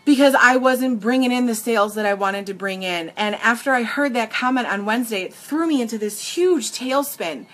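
Young woman, live stream chat, tablet mic, earnest, emotional, restarts sentences, slightly high voice. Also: normal speed, hardly any pauses, fairly bright tone, faint music behind. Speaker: makeup seller on a live stream.

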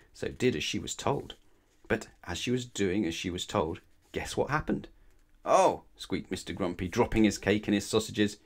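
Expressive man reading a bedtime story. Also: lowish voice, slightly rough. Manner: expressive, asks the listener questions. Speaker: storybook reader. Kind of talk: children's bedtime story read aloud.

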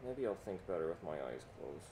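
A man's voice: low-pitched, big pitch swings, fairly quick, dark tone. A man voicing a sleepy, hapless firefighter with a Brooklyn accent, stammering and whiny, in a puppet comedy. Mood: annoyed.

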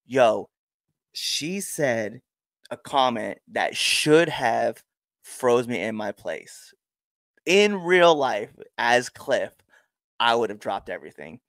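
Young male wrestler guest, lively storyteller, dry close mic. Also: slow, gravelly, no room sound. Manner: animated storyteller, acts out crowd exchanges with big pitch jumps. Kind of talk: casual storytelling interview.

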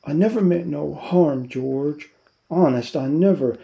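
A man's voice: on the high side, unhurried, creaky, dark tone, muffled recording. A man voicing a big, simple-minded grown man who pleads in a childlike way, reading a novel aloud. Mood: pleading. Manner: pleading, plaintive.

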